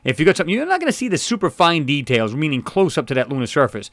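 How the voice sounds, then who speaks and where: A man's voice: on the high side, very animated, rapid-fire, a bit bright, no room sound. A man hosting his own channel, rambling through a casual commentary on photos with many fillers and restarts, his throat scratchy. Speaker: channel host. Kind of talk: casual screen-share commentary.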